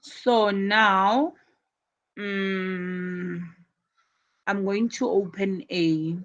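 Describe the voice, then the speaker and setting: A woman teaching an English class, slow and encouraging, often repeating her words. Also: medium pitch, fairly even intonation, highs cut off.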